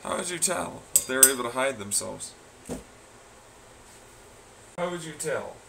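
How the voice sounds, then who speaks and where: A man ranting in a sarcastic, scornful, profane monologue, swinging between muttering and loud shouting. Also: mid-range voice, expressive, unhurried, vocal fry, background noise. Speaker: vlogger.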